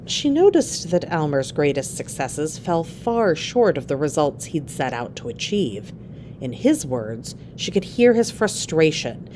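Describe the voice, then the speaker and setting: A woman narrating an easy-to-read adapted story aloud, with expressive, clear storytelling. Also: low voice, a little hiss or hum.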